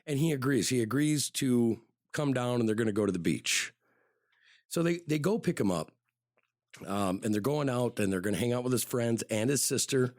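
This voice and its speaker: A man hosts a podcast and tells a true-crime story in a casual, rambling way, doubling back on his words and leaning on "you know". His voice sits at an ordinary middle pitch. It is recorded dry and close, with no room sound. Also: expressive, moderate pace, a little mellow, no room sound. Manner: conversational, repeats words and says "you know" often. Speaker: podcast host.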